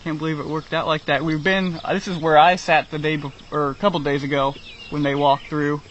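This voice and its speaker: A young man recaps the hunt in an easygoing, matter-of-fact voice pitched a little high. The sound is muffled and dull, with crickets and a faint hiss from the open field. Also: little pitch movement, brisk, fairly bright tone. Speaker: hunter, son. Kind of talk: casual outdoor recounting. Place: outdoors in rural fields. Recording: dull outdoor audio, faint field noise. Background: crickets and insects.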